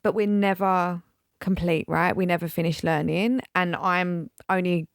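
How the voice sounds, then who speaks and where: A young woman hosts a podcast in a casual, effusive way, full of praise and easy asides. Her voice sits fairly low. The recording is dry and close. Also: fairly even intonation, unhurried, no echo. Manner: effusive, enthusiastic, swears casually. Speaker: podcast host. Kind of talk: casual interview chat.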